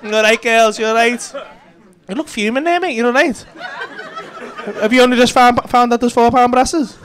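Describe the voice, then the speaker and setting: Captured live in a comedy club with a loud audience laughing, a male stand-up comic does crowd work full of teasing, swearing and laughing banter. His voice is very high and his speed is normal.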